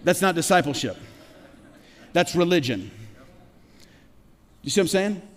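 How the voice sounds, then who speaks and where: A middle-aged man preaching a sermon as pastor, talking conversationally with rhetorical questions and quick stammered restarts. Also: sits high, lively intonation. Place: church sanctuary. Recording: long reverb of a large hall.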